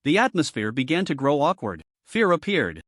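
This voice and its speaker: A man's voice: on the high side, big pitch swings, moderate pace, a bit bright, no echo, clean studio sound. A man narrating a fantasy story recap in a scripted storytelling delivery.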